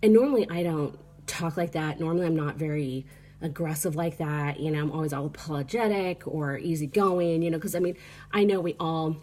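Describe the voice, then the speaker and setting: American woman vlogger, low voice, tired, rambling casual chat, faint room noise. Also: a little fast, dark tone. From United States. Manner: rambling, filler-heavy storytelling with frequent "like" and "you know". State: tired, sleep deprived. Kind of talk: casual travel vlog chat. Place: small apartment indoors. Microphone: phone.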